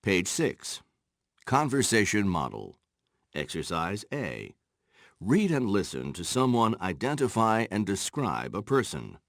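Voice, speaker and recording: A man narrating textbook exercises in a slow, instructional way, with a gravelly voice. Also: on the low side, huge pitch swings, no echo, clean studio sound. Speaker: course narrator.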